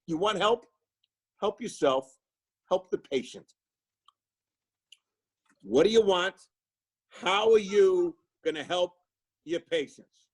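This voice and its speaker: A man's voice: sits high, husky, rough recording. A man in his sixties giving an impassioned, preachy motivational speech as a chiropractic coach, hammering points with repetition. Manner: fiery, preachy, repeats words for emphasis. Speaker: live show guest speaker.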